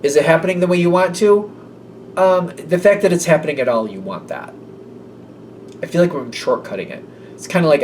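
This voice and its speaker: A man's voice: mid-range voice, darkish tone. A man giving a casual, rambling tarot reading, now and then acting out little voices. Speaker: tarot reader. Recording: slightly distant mic, faint room noise.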